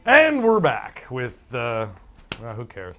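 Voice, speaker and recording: A man's voice: medium pitch, huge pitch swings, takes it slowly, faint music behind. A man hosting a chat show, asking questions in a loose, chatty way. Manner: loose and chatty, full of fillers and laughs. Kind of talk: casual interview chat. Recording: muffled lo-fi audio.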